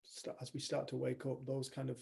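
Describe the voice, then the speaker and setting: A man's voice: medium pitch, monotone, a little fast, creaky, dark tone. A man leading a workshop, giving a conversational motivational talk and retelling stories with quoted dialogue. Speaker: workshop leader.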